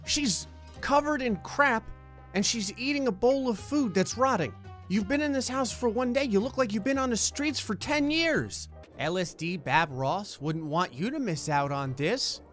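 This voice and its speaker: Young male gaming commentator, slightly high voice, dark mock-cruel sarcasm, faint music bed. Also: expressive. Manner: sarcastic, profane, mock-cruel humor with quick voiced asides. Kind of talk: comedic gameplay commentary. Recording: faint background music under voice.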